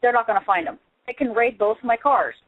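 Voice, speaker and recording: A woman calling in to a talk show, defiant and emphatic. Her voice sits fairly high. She comes through a thin, tinny phone line. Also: lively intonation, brisk. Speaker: caller.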